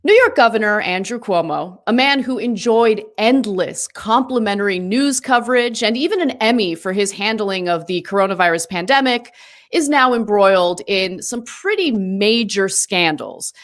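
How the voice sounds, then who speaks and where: A woman hosting a political podcast, speaking in an animated, opinionated way. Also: medium pitch, normal speed. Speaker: podcast host. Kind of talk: political commentary.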